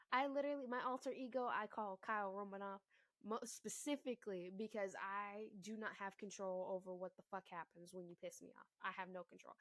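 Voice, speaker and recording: A woman's voice: medium pitch, dry recording. Blunt, swearing young woman ranting. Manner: swears heavily, loud emphatic bursts, frequent asides. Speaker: mother and vlogger. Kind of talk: blunt, profane relationship rant to camera.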